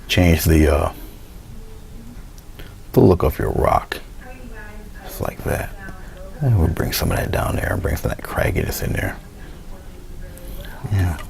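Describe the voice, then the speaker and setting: Relaxed male art teacher, deep and gravelly, narrating his brushwork in a studio, faint background hiss. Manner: relaxed, talks through each step, trails into quiet asides. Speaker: painting instructor. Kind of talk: casual painting demonstration. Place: indoor studio.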